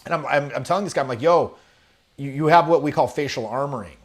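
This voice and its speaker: A man teaching charisma to camera, lively and demonstrative, acting out examples and swearing casually. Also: a little high, fast talker. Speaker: charisma coach. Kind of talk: animated coaching talk to camera. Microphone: webcam or camera, video talk.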